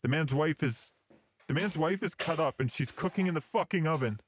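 A man voicing a grim male police officer, talking low and curt and swearing. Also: normal speed, background noise, lightly acted. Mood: shaken.

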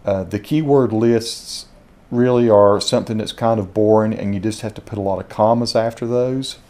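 A man with a Southern Appalachian accent, reviewing dictation software as he speaks punctuation commands aloud. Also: on the low side, steady tone, normal speed. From Southern Appalachia, USA. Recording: home video.

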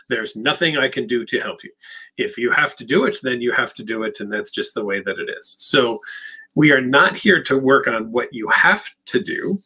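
A man's voice: mid-range voice, sharp tone, husky. A man hosting a live Q&A as a therapist, answering viewer questions in a direct, emphatic way and often repeating words as he restarts.

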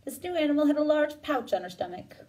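Woman librarian, story time reading, high voice, sing-song, a little off-mic. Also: fast, distant mic, rough recording. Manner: gentle, expressive, sing-song. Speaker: children's librarian.

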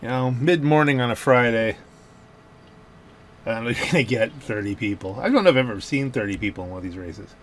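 This gaming channel host keeps up casual, joking let's-play chatter to himself while racing, speaking into a clicky home gaming microphone. Medium in pitch, he sounds animated and a little fast, amid noisy car and game sounds.

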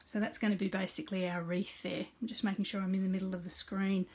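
A woman's voice: mid-range voice, little pitch movement, fast talker, a little mellow, husky. A middle-aged woman hosting a casual live card-making demonstration. She chats with viewers by name and narrates each step aloud.

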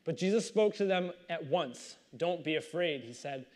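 Male pastor, slightly high voice, animated reading and sermon commentary. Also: normal speed, hardly any pauses. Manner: animated storytelling, reads scripture then comments conversationally.

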